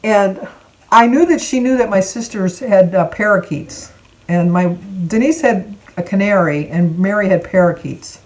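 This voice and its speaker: An older woman from Michigan tells a family story in a casual, lively way, acting out the voices of the people in it. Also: lowish voice, rough recording. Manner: animated, acts out quoted voices. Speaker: vlogger.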